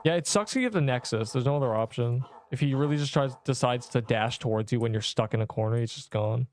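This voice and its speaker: A man's voice: medium pitch, fast, a little mellow. A man in his twenties streaming a game, chatting casually with viewers in a rambling, offhand, slangy way. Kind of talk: casual livestream chat answering viewers.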